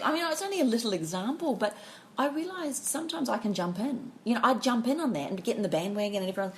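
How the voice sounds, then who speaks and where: A woman's voice: fairly high pitch, fast, heavy background noise. A woman, co-hosting a casual podcast chat and telling a story with frequent laughter. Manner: animated storyteller, laughs often. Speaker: podcast co-host.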